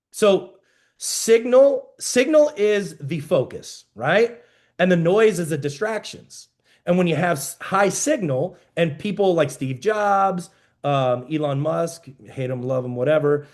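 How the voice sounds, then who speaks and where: A man's voice: high-pitched, a little mellow. A man giving a motivational business talk to a mastermind group, emphatic and repetitive, coaching his listeners. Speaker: business mentor.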